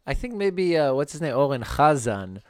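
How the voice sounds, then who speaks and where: A man's voice: fairly high pitch, very animated, normal speed, a little mellow, no echo. A young man from Israel co-hosting a podcast, with a dry, joking manner in casual chat. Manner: dry joking, reads a poem aloud with rising force. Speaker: podcast co-host.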